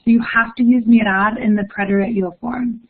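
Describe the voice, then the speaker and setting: Upbeat young woman, higher voice, teaching a live online class over a thin phone-like line. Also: fairly even intonation, fairly quick. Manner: upbeat, encouraging, reads chat aloud. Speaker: Spanish teacher. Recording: phone-like narrow audio.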